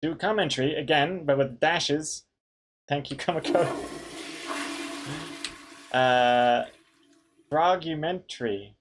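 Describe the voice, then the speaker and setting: Speaking slowly with frequent pauses, a man with a fairly high voice runs a relaxed live stream, reading viewer pun ideas and names aloud in a jokey way. He laughs a lot, and a little hiss or hum is audible.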